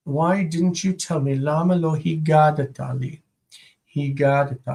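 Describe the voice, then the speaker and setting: A man teaching Hebrew grammar in a live stream, slow and patient, repeating each word several times. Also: fairly high pitch, steady tone, darkish tone.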